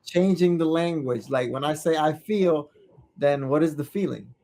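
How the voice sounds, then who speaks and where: A man's voice: on the high side, moderate pace, mellow. A man, a parent, co-hosting a podcast in casual conversation, talking thoughtfully and often restarting his sentences. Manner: thoughtful, searching, with frequent restarts. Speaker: podcast co-host.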